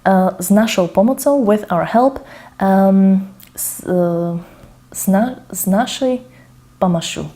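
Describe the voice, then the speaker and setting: A woman's voice: medium pitch, slow pace, mellow. A woman demonstrating her language study method, hesitant and self-checking, muttering to herself while she writes by hand. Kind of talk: casual think-aloud tutorial. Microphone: camera over her shoulder.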